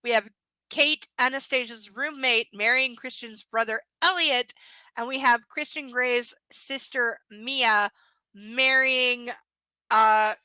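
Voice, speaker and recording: A woman's voice: fairly high pitch, fairly even intonation, takes it slowly, sharp tone, smooth, no room sound, low-quality recording. A woman reading a romance novel aloud live, breaking off for sarcastic, swearing jokes about the text. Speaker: reader of a novel.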